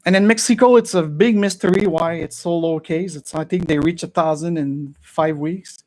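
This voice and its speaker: At normal speed, a high-voiced man hosts a casual group podcast chat recorded via video call. French is his first language, and he's animated, chuckling and sprinkling in French phrases.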